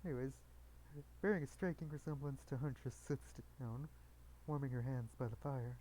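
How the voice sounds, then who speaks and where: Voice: medium pitch, normal speed, mellow, slight background noise, low-quality recording. A streamer reading a dating game aloud, full of joking asides and giggles. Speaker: gameplay streamer.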